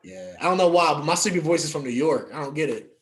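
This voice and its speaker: Joking young man, slightly high voice. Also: sing-song, quick pace, fairly bright tone. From West Virginia. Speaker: podcast co-host. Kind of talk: casual chat.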